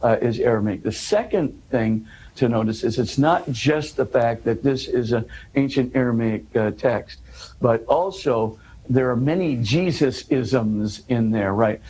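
A man's voice: medium pitch, a little slow, mellow, a little hiss or hum, rough recording. Earnest man explaining scripture. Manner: earnest, rising emphasis, frequent restarts. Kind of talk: explanatory interview talk.

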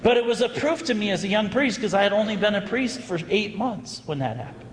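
A male priest preaches, spinning a story with lively, dramatic pauses. His fairly high voice rings out through a big hall, with a long, echoing reverb trailing behind each phrase. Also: a little hiss or hum. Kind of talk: sermon storytelling.

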